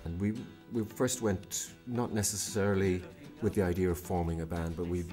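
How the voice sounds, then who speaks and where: A man reflecting in a documentary interview, often pausing to search for his words. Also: sits low, steady tone, dark tone, faint music behind. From Ireland. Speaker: interviewee, musician.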